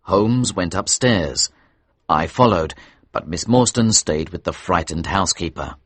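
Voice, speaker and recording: A man reading a story aloud for English learners, slow, clear and expressive. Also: deep voice, no echo.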